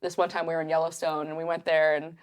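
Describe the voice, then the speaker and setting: Young woman rambling through a hiking story, lots of likes and ums, lowish voice. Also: fast. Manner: animated, acts out quotes, many fillers. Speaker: podcast guest. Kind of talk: casual storytelling.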